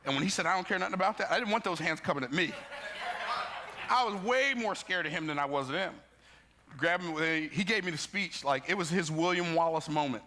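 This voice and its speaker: A man telling life stories in an emphatic, preacher-like motivational talk, building up and jumping into sudden high bursts. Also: a little fast, sharp tone, a little hiss or hum. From United States. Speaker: motivational speaker.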